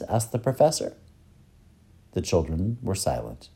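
A man narrating a children's story in an expressive storytelling manner. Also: low voice, moderate pace.

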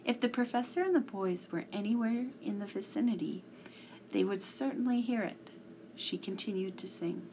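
A woman reading a children's story aloud, measured and sometimes hushed. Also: medium pitch, expressive, slight background noise.

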